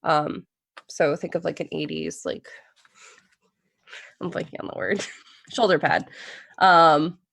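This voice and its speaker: A woman's voice: low voice, slow pace, vocal fry, pauses often, dry recording. Dry-voiced woman running a tabletop game. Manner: casual, relaxed narration with frequent fillers. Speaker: game master.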